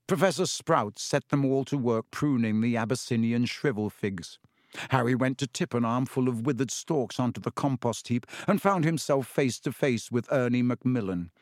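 A man of medium pitch tells an audiobook story at an even, measured pace. The audio is studio quality, free of any echo.

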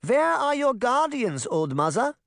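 A man's voice: very high-pitched, big pitch swings, unhurried, vocal fry, a bit bright, dry recording, studio quality, pitched above the performer's own voice, exaggerated voice. A man voicing a brave, polite old grandmother in a storybook reading. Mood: firm.

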